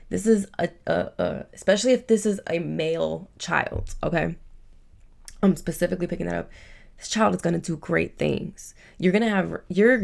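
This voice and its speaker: A woman giving a casual, chatty tarot reading, warm and emotional, with many fillers. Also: fairly low pitch, creaky. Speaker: tarot reader.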